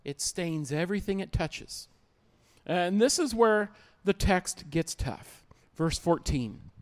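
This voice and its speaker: A man's voice: high voice, lively intonation, slow. A man preaching a sermon as pastor, emphatic, repeating key lines and acting out little everyday scenes.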